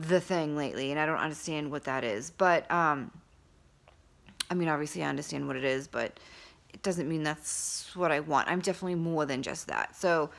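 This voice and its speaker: Candid, rambling woman vlogging. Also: fairly low pitch. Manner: candid, rambling, frequent fillers and restarts; excited and enthusiastic. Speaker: vlogger and author. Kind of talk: casual vlog monologue.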